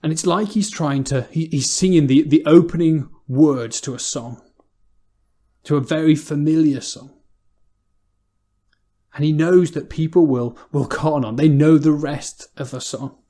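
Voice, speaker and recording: A man's voice: on the high side, unhurried, warm tone. An English man preaching a sermon in a church, talking in a conversational way and often repeating words as he goes.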